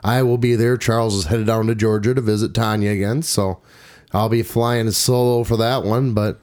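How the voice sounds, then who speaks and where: A man hosting a casual podcast about tractor pulling, chatty and rambling, quick to poke fun at himself. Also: fairly low pitch, fairly even intonation, darkish tone. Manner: chatty, rambling, self-deprecating. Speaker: podcast host and tractor pull announcer. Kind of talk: casual chat.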